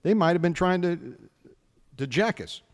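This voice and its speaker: A man's voice: high voice, unhurried, in a large hall. A middle-aged American man hosting a radio show, telling stories in a casual chat and acting out the dialogue. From United States. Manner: animated anecdote teller, acts out dialogue.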